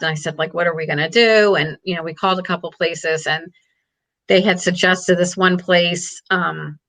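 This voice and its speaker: A woman's voice: low-pitched, pushed and bright. A middle-aged woman telling a personal family story as an interview guest, candid and earnest, often saying "like". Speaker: guest, parent advocate.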